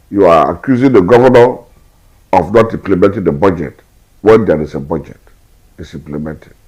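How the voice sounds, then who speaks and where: A man's voice: deep voice, husky, rough recording. A man with a Nigerian accent giving emphatic political commentary, firing off rhetorical questions and repeating his points. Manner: forceful, repetitive rhetorical questions.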